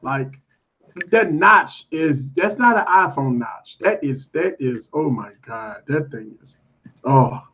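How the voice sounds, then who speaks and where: A man with a husky voice hosts a live tech chat, loud and mocking. His pitch jumps around a lot. The stream audio is dull and lo-fi. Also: animated, slow. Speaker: tech show host.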